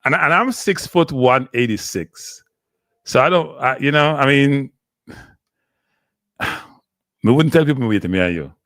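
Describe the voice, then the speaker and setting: A man with a Jamaican accent hosting a casual live stream, teasing and animated, often repeating himself. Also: mid-range voice, a little slow, long pauses, no echo, clean studio sound. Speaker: show host.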